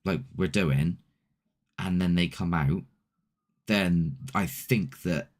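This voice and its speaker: Low-voiced man, rambling. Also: slow pace. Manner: rambling, laid-back, with mild swearing. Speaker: paranormal investigator and show host. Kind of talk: casual chat.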